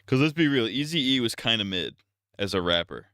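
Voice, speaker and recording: A man's voice: mid-range voice, animated, normal speed, bright, forceful tone, clean tone, no room sound, clean studio sound. A man streaming live, ranting casually in a profane, rambling, blunt way.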